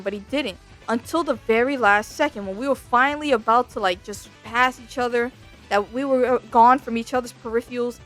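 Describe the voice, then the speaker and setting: A woman telling a storytime as a vtuber, profane, exasperated and animated. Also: a little high. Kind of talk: casual storytime rant. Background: faint background music.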